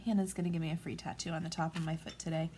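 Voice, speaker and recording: Woman in her forties, craft tutorial, gentle and calm, slightly low voice, faint room hum. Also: very fast. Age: 40s. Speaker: craft vlogger.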